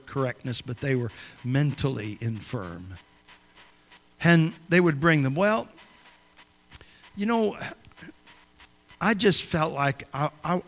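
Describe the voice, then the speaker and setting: A man preaching a sermon as a pastor, telling a story in a folksy, conversational way in a church sanctuary. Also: medium pitch. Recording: long reverb of a church hall.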